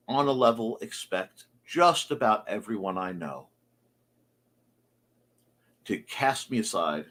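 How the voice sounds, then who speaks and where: A man's voice: mid-range voice, a bit bright. A man hosting a creative morning show, talking earnestly and confessionally in a folksy way. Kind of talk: reflective monologue.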